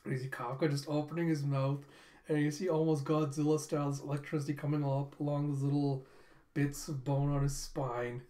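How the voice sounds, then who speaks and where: A man excitedly recapping and reacting to a comic chapter in a rambling, casual way. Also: on the high side, a little fast. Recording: roomy echo.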